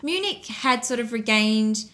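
A young woman hosting a podcast with a bright, sharp tone and a lively, swooping delivery. She tells her story in a chatty, animated way and laughs easily. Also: fairly high pitch, measured pace. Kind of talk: casual podcast chat.

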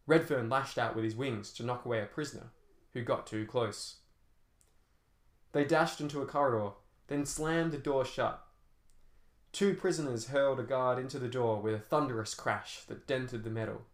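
A man narrating an action novel as an audiobook, telling fight scenes dramatically with shifting pace. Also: medium pitch. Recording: roomy echo.

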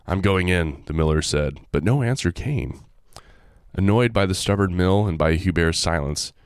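A man hosting, reading a folk tale aloud with animated, joking asides. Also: low-pitched, smooth, no room sound, studio quality. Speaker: host. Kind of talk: storytelling with jokey asides.

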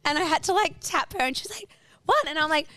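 A woman's voice: high voice, rapid-fire, no echo, studio quality. A young Australian woman in casual chat, telling a travel story with lots of acted-out quotes and laughter. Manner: animated storyteller, acts out quotes, laughs often.

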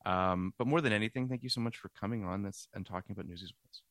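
A man's voice: on the low side, quick pace, no echo, clean studio sound. A man co-hosting a podcast, chatting casually and rambling with lots of fillers. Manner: rambling, animated, many fillers. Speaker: podcast co-host. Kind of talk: casual chat.

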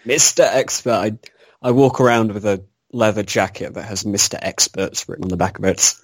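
Male history podcaster as guest, lowish voice, dead-dry sound, wry jokes. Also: a little fast, dry recording. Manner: dry sarcastic humor, cackling laughs. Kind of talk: casual podcast interview. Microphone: video call.

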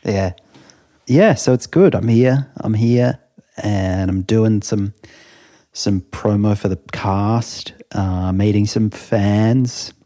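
Mellow low-voiced man chatting. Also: slow pace. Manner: rambling, laughing storyteller. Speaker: podcast co-host. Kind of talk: casual chat.

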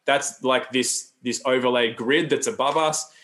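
A man's voice: mid-range voice, steady tone, a little slow, a bit bright. A man talking as a podcast guest, loose and rambling, with frequent restarts and asides. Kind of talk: casual interview talk.

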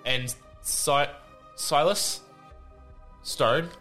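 A man co-hosting a casual podcast about a film, excitable, swearing and laughing often. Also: on the high side, extremely slow, soft background music. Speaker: podcast co-host. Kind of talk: casual film-review chat.

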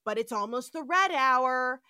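A woman voicing an overeager male townsman who pushes visitors into staying, talking in a quick wheedling pitch. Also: expressive, pushed and bright, smooth, dry recording, clean studio sound, exaggerated voice. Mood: pushy.

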